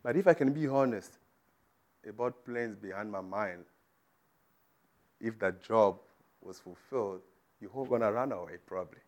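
A man's voice: lowish voice, moderate pace, long pauses. Emphatic man preaching a sermon. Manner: emphatic, rising to loud declarations.

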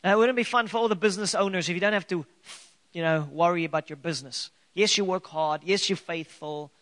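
A man with a high-pitched voice preaches a sermon to his congregation. He speaks earnestly and with emphasis, piling up rhetorical questions and drawing out key phrases. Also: fast, a bit bright. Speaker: pastor.

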